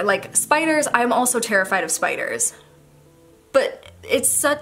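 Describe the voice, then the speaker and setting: A young woman vlogger talks candidly to a tripod-mounted camera in her bedroom, rambling through an emotional confession. Her voice is fairly high and a bit bright.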